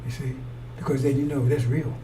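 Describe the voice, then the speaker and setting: A man's voice: medium pitch, little pitch movement, fairly quick, dark tone. A man preaching a rambling, fiery sermon in a blunt, profane way. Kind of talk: fiery street-style sermon. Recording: distant mic with faint noise.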